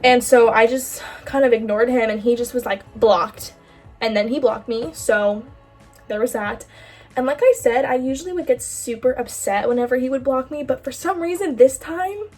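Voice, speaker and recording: A young woman in her late teens, a bracelet-making vlogger, tells a personal story candidly and chattily, full of fillers and casual swearing. Her fairly high, darkish-toned voice moves at normal speed and sits a bit off-mic, with faint music behind.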